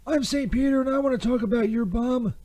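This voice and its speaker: A man's voice: extremely high pitch, steady tone, brisk, warm tone, a little hiss or hum. A man voicing a bumbling, crude Saint Peter who keeps restarting a comedy ad read. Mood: fumbling. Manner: stumbling, restarting, crude and sarcastic.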